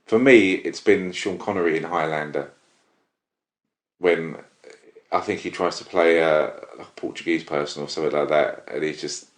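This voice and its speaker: Male podcast host, very low voice, rambling chatter, echoey room. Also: normal speed. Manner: rambling, self-interrupting, enthusiastic. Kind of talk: casual film review chat. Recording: roomy echo.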